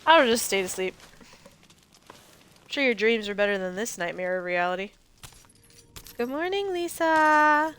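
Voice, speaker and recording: A woman's voice: mid-range voice, normal speed, pauses often, a bit bright, clean tone. A woman in her twenties giving chatty, joking commentary over gameplay, often exclaiming. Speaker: gameplay streamer. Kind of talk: casual let's play commentary.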